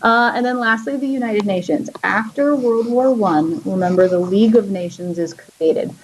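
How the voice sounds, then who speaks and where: A woman teacher giving a casual history lesson, chatty and relaxed, using lots of fillers as she draws and explains. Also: medium pitch, normal speed, slight background noise, rough recording. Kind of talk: casual classroom lecture.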